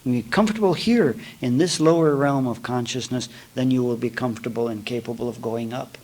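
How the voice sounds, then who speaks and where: A man teaching yoga in a spiritual talk, telling folksy stories with jokes and swinging between loud and hushed. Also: mid-range voice, poor audio. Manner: folksy, storytelling with jokes and asides.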